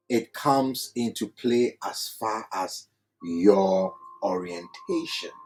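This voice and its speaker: A man teaching at a writing board, slow and deliberate, repeating phrases word by word. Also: medium pitch, darkish tone, husky, low-quality recording. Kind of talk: whiteboard lecture.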